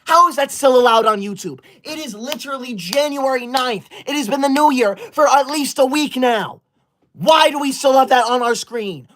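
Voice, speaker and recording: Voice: mid-range voice, a bit bright, slight background noise. A livestream host reading super chats aloud in a comedic bit, scolding viewers in a fussy, easily offended, school-loving persona.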